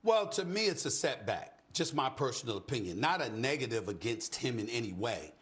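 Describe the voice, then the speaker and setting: A man talking on a sports debate show as a commentator, emphatic with a preacher-like cadence that swings into shouting. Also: medium pitch, sing-song, brisk.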